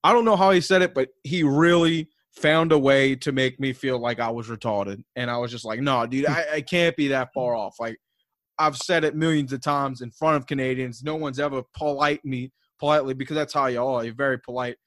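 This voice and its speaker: A man's voice: mid-range voice, fairly even intonation, a little fast, a bit bright, no echo, clean studio sound. A man with a Southern American accent hosting a casual podcast, telling stories in a rambling, profane way full of "like" and laughter. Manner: rambling, profane, filler-heavy storytelling with frequent laughs. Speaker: podcast host.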